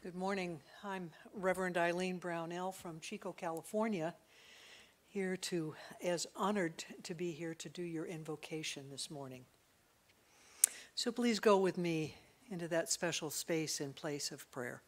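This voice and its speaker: A woman minister gives an invocation, praying in a measured, reverent cadence. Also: fairly low pitch. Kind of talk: spoken prayer.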